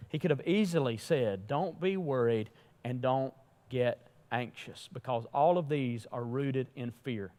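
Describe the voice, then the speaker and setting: A man pastor preaching a sermon in a church, emphatic, rising and falling in loudness. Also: mid-range voice, a little slow. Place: church sanctuary. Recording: long hall reverb.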